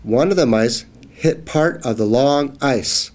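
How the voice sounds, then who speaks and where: A man reading a children's phonics book aloud, slow and clearly enunciated. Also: mid-range voice, a little mellow. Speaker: reader.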